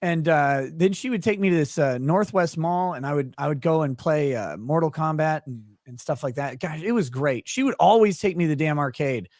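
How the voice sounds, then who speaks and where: Man, casual host, rambling storyteller, slightly higher voice, dry close sound. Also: lively intonation, brisk, hardly any pauses, a little mellow, no room sound. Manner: rambling storyteller, loose and profane. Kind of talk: casual chat among friends.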